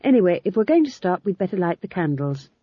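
A woman doing a fretful young witch in a storybook reading, pitched high above the narration and quavering as she defends herself. The voice sounds earnest and breathy. The recording is dull and dry. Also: very animated, fast, dry recording. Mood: pleading.

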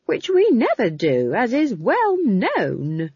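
A woman's voice: fairly high pitch, wildly swooping pitch, takes it slowly, darkish tone, breathy edge, no room sound, muffled recording, pitched above the performer's own voice, heavily acted. A woman doing a chatty cheerful old witch.

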